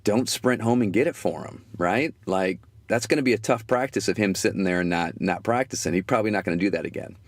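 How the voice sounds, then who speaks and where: A man with a very low voice hosts a podcast interview, talking in a relaxed and reflective way. He often repeats words and fills pauses as he thinks aloud. The recording is dry and close, with no room sound. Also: dry recording. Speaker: podcast host. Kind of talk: conversational interview.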